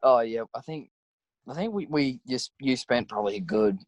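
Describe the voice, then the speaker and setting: A man's voice: medium pitch, animated, normal speed, no room sound. A young Australian man in his twenties, co-hosting a podcast and telling a rambling story with many restarts. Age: 20s. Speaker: podcast co-host. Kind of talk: casual chat, storytelling. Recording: dry, dull lo-fi podcast audio.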